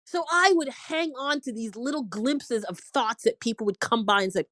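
A woman in her forties, an inspirational speaker, shares an earnest and emotional faith testimony in a preachy style, sometimes performing the voices of the people she quotes. Her voice sits on the high side and is a bit bright, with lively intonation, a moderate pace and no echo.

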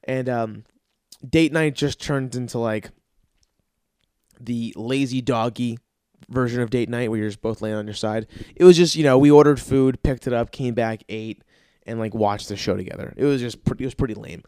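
A man's voice: medium pitch, moderate pace, clear, resonant tone, dry recording. Male podcast host, crude and rambling storyteller, dry recording. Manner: profane, rambling, animated. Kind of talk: casual storytelling monologue.

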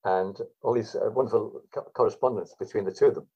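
A man's voice: lowish voice, quick pace, a little mellow, slightly rough. A man telling stories as a guest in a rambling, hesitant way. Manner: rambling, hesitant, many fillers. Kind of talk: anecdotal storytelling. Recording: dull lo-fi recording.

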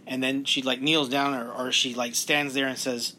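Male podcast host, bright forceful voice, animated, acts out quotes, faint background noise. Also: mid-range voice, normal speed. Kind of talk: casual podcast discussion.

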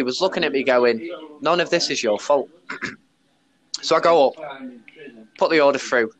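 A man hosting a podcast, telling a story in a casual, blunt way, swearing often. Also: medium pitch. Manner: blunt, sweary, animated retelling with laughs. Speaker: podcast host; bar worker.

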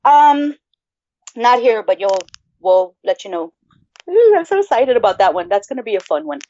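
A woman co-hosting a podcast in casual chat, profane and animated as she rambles. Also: on the high side, moderate pace, no room sound. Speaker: podcast co-host. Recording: dull lo-fi sound.

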